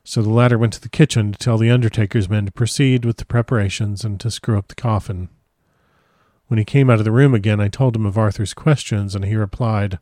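Low-voiced man narrating solemnly. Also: steady tone, fairly quick, dark tone, no room sound. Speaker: audiobook narrator. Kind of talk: first-person literary narration.

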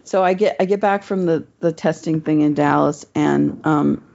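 A woman's voice: low voice, moderate pace, vocal fry, darkish tone. A woman telling a personal story in casual chat, rambling and swearing, with many fillers. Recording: dull lo-fi recording.

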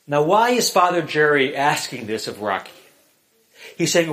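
A man preaching a sermon in a high, lively voice. He tells a story with dramatic pacing and shifts of emphasis, then slows for the weight of scripture. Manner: animated storyteller, dramatic retelling.

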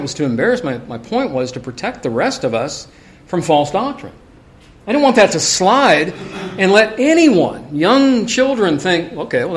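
A middle-aged man preaching a sermon in a conversational way, telling personal stories with frequent asides. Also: medium pitch.

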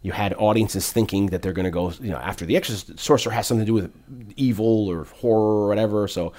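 Low-voiced man rambling about a film. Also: fast. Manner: rambling, animated retelling with many fillers. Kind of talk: casual film discussion.

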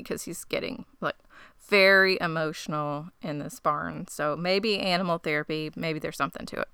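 A woman chatting casually as a podcast co-host, telling the story with lively voiced asides. Her voice is bright and crisp, and the sound is dry and close. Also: lowish voice, unhurried, no echo. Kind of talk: casual recap chat.

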